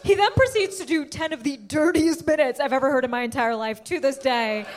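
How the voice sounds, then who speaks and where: High, animated woman doing stand-up. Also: fairly quick. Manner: animated storytelling, jumping to shrieking high pitch for punchlines. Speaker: stand-up comedian. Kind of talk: stand-up comedy set. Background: audience laughter.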